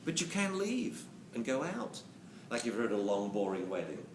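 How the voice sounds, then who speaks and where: A man giving a lively, jokey lecture on dog training to a live audience, acting out quotes as he goes. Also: mid-range voice, normal speed. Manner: animated, jokey, acts out quotes. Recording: roomy, distant camera mic with hiss.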